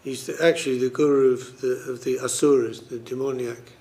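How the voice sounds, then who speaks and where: A man's voice: medium pitch, fairly even intonation, brisk, a little mellow. A man leading a scripture study group, explaining verses casually with many fillers. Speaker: class leader.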